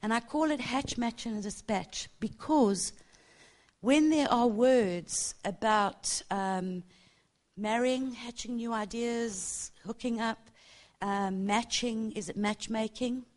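A woman's voice: fairly high pitch, slow pace, a little mellow. Passionate chatty woman preacher. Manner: passionate, chatty, laughs often, tags lines with "yeah?". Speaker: church speaker teaching on prophecy. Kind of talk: informal teaching talk.

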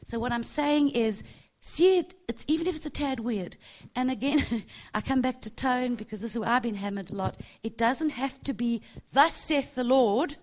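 A middle-aged woman gives an informal church teaching, her voice on the higher side. She talks with passion and a chatty warmth, laughing easily and checking in with her listeners. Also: moderate pace. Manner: passionate, chatty, laughs often, tags lines with "yeah?". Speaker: church speaker teaching on prophecy.

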